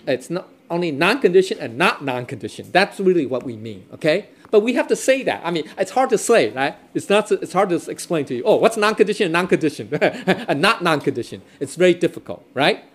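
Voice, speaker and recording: Male scripture teacher, slightly high voice, loose and repetitive, tags every point with "okay?". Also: very animated, a little fast, hardly any pauses. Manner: repeats himself, checks in with "okay? right?"; switches between English and Chinese readings. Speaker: Dao study teacher. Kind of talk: informal scripture lesson.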